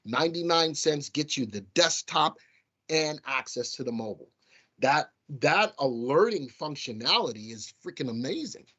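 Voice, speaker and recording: A man's voice: fairly high pitch, animated, normal speed, sharp tone, slightly rough, dull audio. A man with a Southern accent hosting a live stock market show, talking casually to viewers he calls folks. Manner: chatty, addresses viewers as folks. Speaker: stock market livestream host. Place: studio.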